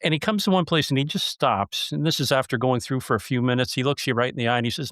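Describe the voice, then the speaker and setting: A man's voice: mid-range voice, fast, hardly any pauses, a bit bright, dry recording, studio quality. A man hosting a podcast interview, telling stories in a chatty, joking way. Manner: storytelling, jokey and chatty. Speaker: podcast host.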